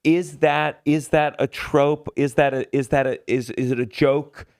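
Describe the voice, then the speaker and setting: Brief: male podcast host, casual, inquisitive, mid-pitched voice, dry studio. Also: steady tone, a little slow, vocal fry, a little mellow, no room sound. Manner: inquisitive, prodding questions. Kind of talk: casual chat.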